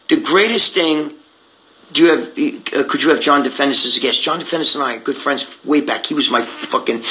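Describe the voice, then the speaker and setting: Bright-voiced, profane older man. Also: mid-range voice, rough recording. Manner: rambling, profane, blunt storytelling. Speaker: guest reading viewer comments. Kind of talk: unfiltered live chat.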